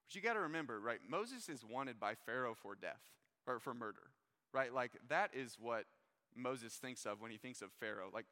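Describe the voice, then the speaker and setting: A young man gives a laid-back sermon with a bright, forceful voice and a relaxed, chatty delivery full of fillers. His voice carries a long hall reverb, as if he is speaking in a large church hall. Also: mid-range voice, normal speed. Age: young adult. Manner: relaxed and conversational, many fillers. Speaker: pastor. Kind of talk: casual sermon to a live audience. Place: church hall with a live audience.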